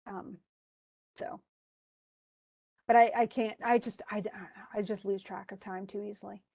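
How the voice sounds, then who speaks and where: A woman's voice: mid-range voice, fairly even intonation, unhurried, creaky, dark tone, no room sound. A woman teacher talking a class through a play in casual, chatty explanations.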